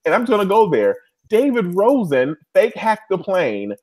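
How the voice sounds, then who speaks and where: A man co-hosting a casual TV recap, telling the story in an excited, animated way. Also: sits high, measured pace. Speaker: show co-host.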